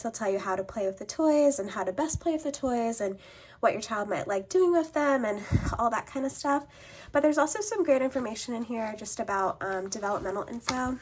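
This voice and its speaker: A woman's voice: mid-range voice, slightly rough. A young woman, a stay-at-home mom, reviewing a toy kit in casual chat, audibly out of breath, with lots of ums and likes. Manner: chatty, many ums and likes.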